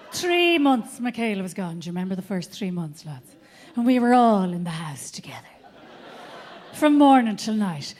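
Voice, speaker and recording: Brash Irish comedienne, high voice. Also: female voice, a little hiss or hum. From Ireland. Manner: brash, profane, animated storytelling. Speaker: stand-up comedian. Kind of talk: live stand-up routine. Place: theatre stage.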